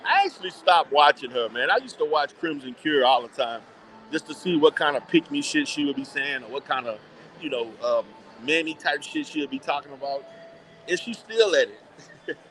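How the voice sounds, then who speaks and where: A man chatting casually with live viewers while shopping in a mall, blunt and animated, laughing often and repeating himself. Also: a little high, moderate pace, a little hiss or hum.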